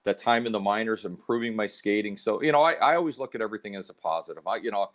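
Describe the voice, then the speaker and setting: Man, middle-aged, from canada, lowish voice, lively storyteller, casual podcast guest. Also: fast. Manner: animated storyteller, acts out quoted voices. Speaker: guest hockey analyst.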